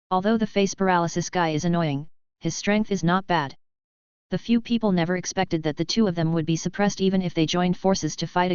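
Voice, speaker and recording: A woman narrating an audiobook of a web novel in an even, steady reading. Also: fairly low pitch, clear, resonant tone, no echo, dull audio.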